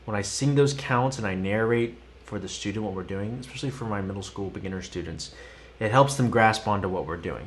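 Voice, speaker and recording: Low-voiced man singing drum counts. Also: a little fast, soft background music. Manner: sings counts and sticking aloud while demonstrating. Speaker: drum teacher. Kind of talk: live-streamed music lesson. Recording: loud instrument and metronome behind.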